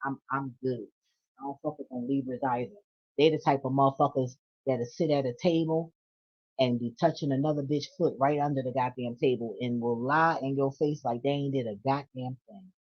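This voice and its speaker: A woman's voice: rumbling low, fairly even intonation, fairly quick. Blunt, profane woman reading tarot. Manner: blunt, profane, laughing asides. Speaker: tarot reader. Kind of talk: casual tarot reading vlog. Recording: dull lo-fi audio.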